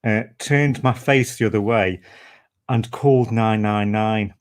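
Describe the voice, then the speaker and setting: A man's voice: lowish voice, clear, resonant tone. A man interviewing a guest, talking earnestly with many restarts and fillers. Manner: earnest, halting with many restarts and "you know". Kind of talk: conversational interview.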